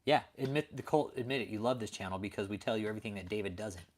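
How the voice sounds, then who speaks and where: A man's voice: lowish voice, racing. A man hosting a late-night livestream, ranting profanely and answering viewers in chat. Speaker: livestream host.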